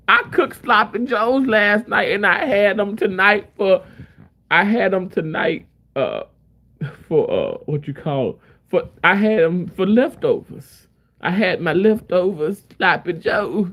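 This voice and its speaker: A man's voice: high-pitched, animated, measured pace, a bit bright. A man chatting casually on a live stream, reading viewer comments aloud and rambling with frequent laughter. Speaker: livestreamer reading chat.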